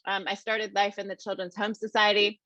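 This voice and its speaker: A woman around fifty giving a conference keynote, telling her story in a lively, conversational way and calling the audience "y'all.". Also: medium pitch, a little fast, no room sound, muffled recording. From American Midwest. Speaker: keynote speaker. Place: conference room.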